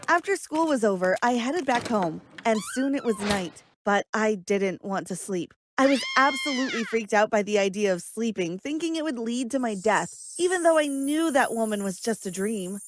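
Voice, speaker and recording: Woman narrator, fairly high voice, earnest first-person story, noisy soundtrack behind. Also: big pitch swings, normal speed, few pauses.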